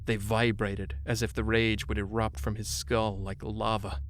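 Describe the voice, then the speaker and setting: A man narrating a horror story in a measured way, slowing down on grim details. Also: on the low side, flat delivery, a little hiss or hum.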